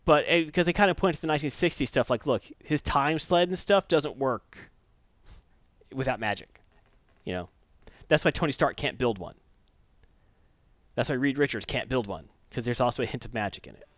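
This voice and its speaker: A man in a casual chat, retelling a comic book story in animated fashion and acting out the characters' lines. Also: medium pitch, normal speed, long pauses, dry recording, dull audio.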